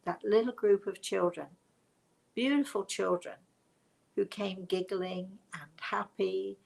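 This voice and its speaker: A woman's voice: medium pitch, steady tone, slow, creaky, rough recording. A British woman, a spiritual medium, telling stories to a livestream audience in a reflective, self-mocking way. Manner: reflective and warm storytelling, with self-mocking laughs. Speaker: spiritual medium hosting a live show.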